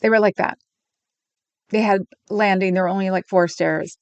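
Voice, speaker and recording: A woman's voice: mid-range voice, fairly even intonation, normal speed, smooth. A middle-aged woman hosting a livestream, chatting casually and sarcastically as she recounts a video and reads comments aloud, with frequent ums. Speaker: livestream host.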